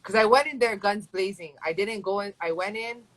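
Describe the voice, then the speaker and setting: A woman's voice: medium pitch, a little fast, fairly bright tone, low-quality recording. A young woman from Hawaii, a fighter chatting in an interview with a rambling, casual flow. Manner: chatty and rambling, full of "like" and "you know". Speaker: MMA fighter and guest.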